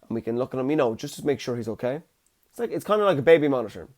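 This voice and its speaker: A man's voice: mid-range voice, lively intonation, racing, a little mellow. A young man, hosting a casual solo podcast with chatty, jokey storytelling. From Ireland. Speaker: podcast host.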